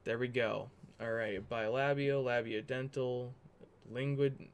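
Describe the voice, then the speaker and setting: A man's voice: mid-range voice, steady tone, a little slow, clear, resonant tone. Rambling man chatting on a livestream. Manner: rambling, self-correcting, chatty. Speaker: livestream host. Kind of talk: casual livestream chat while working on a document.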